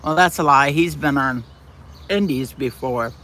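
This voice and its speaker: A man's voice: mid-range voice, a little slow, sharp tone. A man hosting a casual livestream, chatting and answering viewer comments aloud. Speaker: livestream host. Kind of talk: casual live chat.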